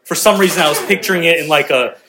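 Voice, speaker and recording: A man's voice: on the high side, quick pace, background noise. A young man preaching a sermon in a conversational, joking manner, talking directly with the congregation. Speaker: pastor.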